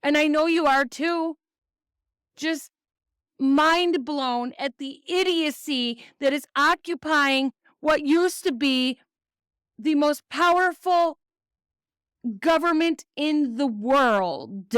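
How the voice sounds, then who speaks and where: A woman's voice: sits high, slow, fairly bright tone, no echo, studio quality. A woman from the United States hosting a podcast, giving angry political commentary full of swearing and reading news excerpts aloud. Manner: profane, ranting, reads news aloud. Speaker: podcast host.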